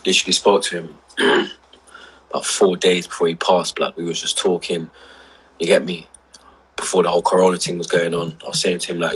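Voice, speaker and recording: Husky deep-voiced drunk man. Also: flat delivery, fairly quick, a bit bright, rough recording. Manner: rambling, emotional, heavy street slang. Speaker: livestream host. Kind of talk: casual livestream chat.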